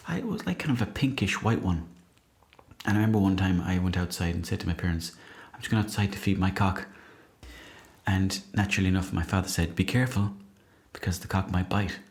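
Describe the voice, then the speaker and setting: This low-voiced Irish man hosts a comedy podcast, reading out listener messages as a comic monologue. His timing is dry and deadpan, he swears freely, and he slips into mock outrage.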